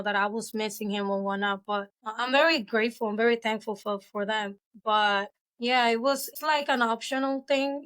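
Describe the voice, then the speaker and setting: A woman's voice: on the high side, fairly bright tone. A woman speaking as a podcast guest, talking candidly and reflectively with lots of "you know" fillers. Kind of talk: casual interview chat.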